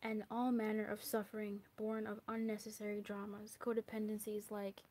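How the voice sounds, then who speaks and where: A woman giving a casual, animated spoken card reading. She talks in a chatty way with swearing, drops into whispers, and acts out little asides. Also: mid-range voice, brisk, heavy background noise. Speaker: tarot reader.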